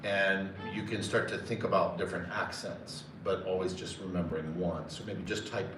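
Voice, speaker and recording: Low-voiced man teaching rhythm. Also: steady tone, normal speed, distant mic, background noise. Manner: casual, hesitant, counts beats aloud. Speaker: music teacher. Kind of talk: live online music lesson. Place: conference center room. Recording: roomy sound from off-mic with loud music.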